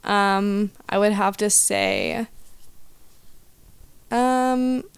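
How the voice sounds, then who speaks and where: A woman's voice: mid-range voice, steady tone, very slow, creaky, clean tone. A young woman chatting as a podcast guest, giggly and rambling, with many likes and ums. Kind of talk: casual podcast chat.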